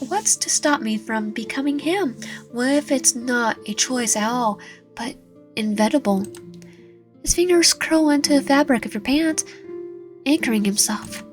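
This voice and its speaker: Game reader: a woman voicing a haunted young man afraid of his other self, lines read plainly in a fairly high, slightly lowered voice. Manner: read aloud with little change of voice, stumbling over words.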